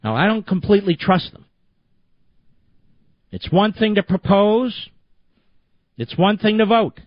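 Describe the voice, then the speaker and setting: A man's voice: high-pitched, expressive, a little slow, no echo, highs cut off. A man hosting a talk radio show, delivering an indignant, emphatic political monologue full of repetition.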